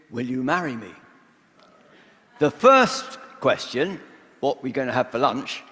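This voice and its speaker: A vicar giving a measured, reflective sermon in a church, pausing often between phrases. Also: male voice, a little high, a bit bright. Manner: measured, reflective preaching with pauses. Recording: long church reverb.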